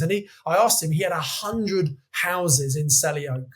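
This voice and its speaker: High-voiced man telling stories. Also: normal speed. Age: 50s. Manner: chatty, animated anecdotes, quotes himself. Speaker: guest, property investor. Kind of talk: podcast interview storytelling.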